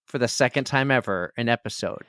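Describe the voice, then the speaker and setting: A man's voice: medium pitch, a little fast, fairly bright tone, clear, resonant tone, dry recording, studio quality. Joking, rambling male podcast co-host. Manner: joking, rambling, lots of repeats. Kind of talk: casual chat.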